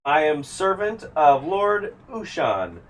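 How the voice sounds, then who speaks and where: A man's voice: fairly high pitch, sing-song, slow pace, recorded from a distance, pitched above the performer's own voice, low-quality recording. A man putting on a gracious female elf herald. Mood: grandly welcoming. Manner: formal, ceremonious announcing.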